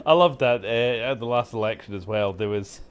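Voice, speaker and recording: A man's voice: medium pitch, moderate pace, clean tone. A man giving casual, joking commentary while playing a game, laughing often and poking fun at himself. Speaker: game streamer host.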